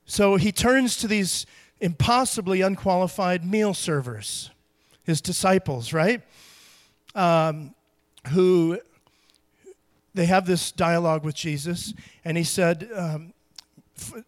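A man's voice: sits high, a little slow. A middle-aged man preaching a sermon as pastor, in a conversational style that acts out quotes with strong emphasis.

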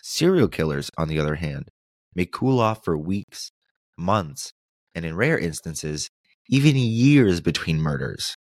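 A man narrates a true-crime podcast in a low voice, dropping sarcastic asides between quoted passages. The recording is dry and close, with no room sound. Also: very animated, unhurried, no room sound. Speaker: podcast host.

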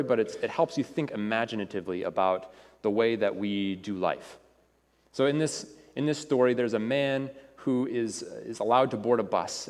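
A man's voice: on the low side, a little mellow. A man preaching a sermon to a congregation in a conversational way, often repeating words as he goes. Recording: reverberant hall.

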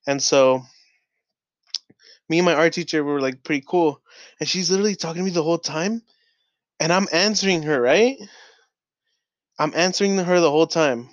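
A man's voice: a little high, moderate pace, pauses often, dry recording. A young man hosting his own podcast, telling a rambling casual story full of "like" fillers and swearing. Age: young adult. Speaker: podcast host. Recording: dull, lo-fi dry recording.

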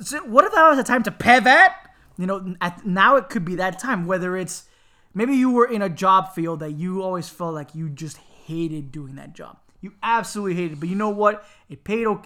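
A man co-hosting a casual podcast, an animated storyteller who jokes around and slips into loud laughing impressions. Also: high-pitched, normal speed. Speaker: podcast co-host.

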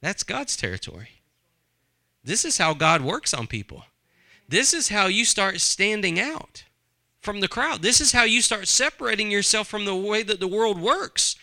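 A man's voice: sits high, very animated, moderate pace, sharp tone. A man preaching a sermon, conversational and full of rhetorical questions to the congregation. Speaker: pastor.

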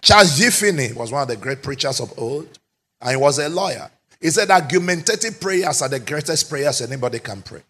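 A man preaching a sermon as pastor, emphatic and often shouting, with rhetorical questions to the congregation. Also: on the high side, expressive, a little fast.

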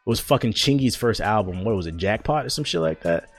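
A young man with a fairly low voice tells stories on his podcast in a loose, slangy way, swearing freely and filling gaps with "uh" and "like". He sits close to the mic and the sound is dry, with faint music under him. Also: animated, fast, dry recording. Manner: loose, profane and slangy, with many fillers. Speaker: podcast host. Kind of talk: casual storytelling chat.

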